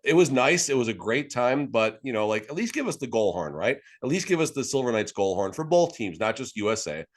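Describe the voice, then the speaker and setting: A man from Las Vegas co-hosts a sports podcast, rambling and joking in casual conversation. His mid-range voice is very animated and fairly quick, with few pauses.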